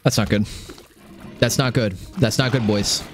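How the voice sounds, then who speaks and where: A young man giving casual live gameplay commentary, excitable and swearing often, repeating phrases under pressure. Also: mid-range voice, moderate pace, long pauses, slight background noise. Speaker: gaming streamer.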